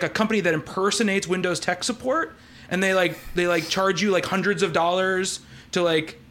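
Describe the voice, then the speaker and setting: High-voiced man rambling through a story. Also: a bit bright. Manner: rambling storyteller, many fillers and restarts. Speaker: podcast host. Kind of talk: casual podcast chat.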